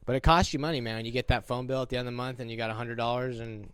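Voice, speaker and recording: A man's voice: mid-range voice, fairly even intonation, rapid-fire, fairly bright tone, clear, resonant tone, dry recording. Laid-back joking man, casual chat. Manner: laid-back, joking, says dude a lot. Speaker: podcast co-host.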